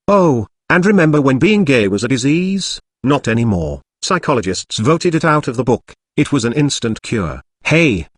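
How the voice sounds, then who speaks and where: A man's voice: medium pitch, a bit bright, dry recording, clean studio sound. A man with an English accent delivering a scripted, sarcastic, mocking opinion rant as a vlogger.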